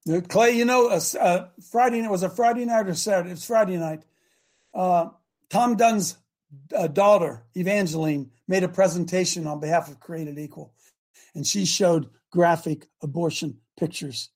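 Male talk-radio host, fiery and repetitive, high voice. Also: moderate pace. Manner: impassioned, repetitive, shouting at times. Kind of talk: fiery call-in talk show rant. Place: studio in Ohio.

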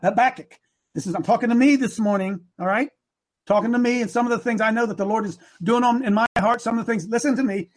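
Emotional preacher in his sixties. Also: high-pitched. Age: 60s. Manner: emotional, building to shouts; repeats phrases for emphasis. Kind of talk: sermon.

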